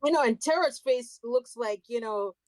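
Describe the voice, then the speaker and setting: A woman's voice: fairly high pitch, normal speed, no room sound. A woman co-hosting a podcast, chatting casually and often laughing and chiming in with short reactions. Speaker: podcast co-host. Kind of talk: casual chat.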